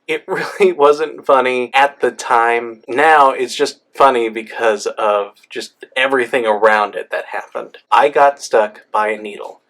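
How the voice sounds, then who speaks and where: Man, mid-pitched, reflective vlogger who often laughs at himself; natural storytelling read. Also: steady tone, a little slow, few pauses, a bit bright. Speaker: pharmacist vlogger. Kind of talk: candid storytelling monologue.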